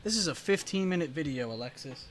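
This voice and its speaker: A man's voice: fairly high pitch, expressive, fast, fairly bright tone, a little hiss or hum. A man from the United States chatting casually on a livestream, reacting to chat messages and laughing often. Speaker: stream host.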